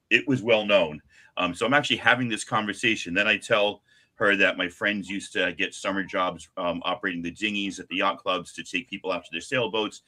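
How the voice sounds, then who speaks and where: Chatty, bright-voiced man telling stories. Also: sits low. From Long Island, New York. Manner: chatty, animated, acts out what people said. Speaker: comic shop live stream host. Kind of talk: casual storytelling chat.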